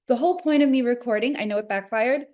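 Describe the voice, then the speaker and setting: A woman in her forties with a New Jersey accent tells a story as an interview guest. Her voice sits a little high, and she acts out every quoted line with lively shifts. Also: quick pace. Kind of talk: animated storytelling.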